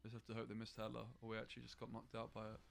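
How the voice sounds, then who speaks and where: A man's voice: fairly low pitch, monotone, racing, vocal fry. A man streaming a card game, talking bluntly, swearing and ranting about his play. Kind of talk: frustrated live-stream commentary.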